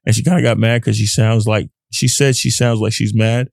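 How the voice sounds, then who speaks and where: A man's voice: fairly low pitch, little pitch movement, fairly quick, vocal fry, dry recording, studio quality. A young man hosting a casual solo podcast, talking in an earnest, rambling way. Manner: rambling, earnest, often acts out his own inner voice. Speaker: podcast host.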